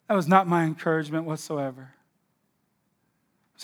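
A middle-aged man preaching a sermon as pastor, swinging between loud outbursts and quiet asides. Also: high-pitched, lively intonation, fast talker, pauses often.

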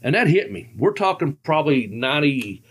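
A man in his fifties spins long, rambling stories in a relaxed chat, laughing as he goes. His voice sits a bit high for a man, and his grammar is loose and colloquial. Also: fairly quick, slightly rough. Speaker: podcast host telling stories. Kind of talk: casual storytelling chat.

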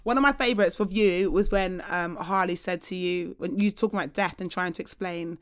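A young woman from hosting a podcast and chatting casually, telling lively stories and acting out voices with laughter. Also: on the low side, brisk, smooth. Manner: animated storytelling, acts out voices with laughter. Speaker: podcast host. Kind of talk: casual chat.

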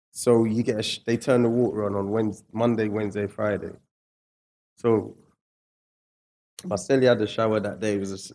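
An English guest with a fairly low voice relates his story in a relaxed, slangy manner during a casual interview. He grows reflective when pulling lessons from it and becomes animated when acting out scenes.

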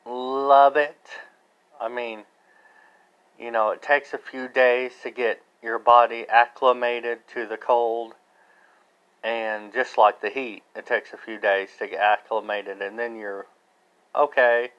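A man's voice: mid-range voice, fairly even intonation, takes it slowly, highs cut off. An American man hosting his own podcast, talking in a rambling, casual monologue full of fillers and restarts. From United States. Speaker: podcast host.

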